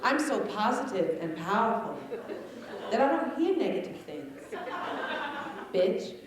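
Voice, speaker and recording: A woman's voice: on the high side, big pitch swings, moderate pace. Brash woman comic in an echoey chapel. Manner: brash, teasing the crowd, swearing. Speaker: stand-up comic. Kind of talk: stand-up comedy set. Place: chapel filled with a live audience. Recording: echoey, distant 1989 live recording. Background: audience laughter.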